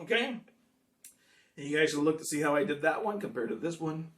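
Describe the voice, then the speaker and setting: A singer and guitarist chats casually between songs, rambling a bit in a relaxed, homespun manner while guitar plays behind him. His voice is fairly high and a little fast, picked up by a distant mic.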